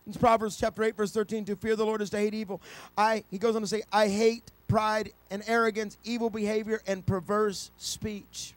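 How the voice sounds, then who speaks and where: A middle-aged male preacher giving a sermon, telling stories with frequent restarts and building to loud, high-pitched preaching. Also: flat delivery, fairly quick, no echo. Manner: storytelling, with repeated restarts.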